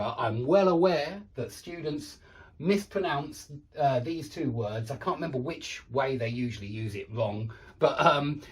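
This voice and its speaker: A man with an English accent giving a casual pronunciation lesson, chatting as he thinks aloud and repeating sample words slowly. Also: on the high side, distant mic.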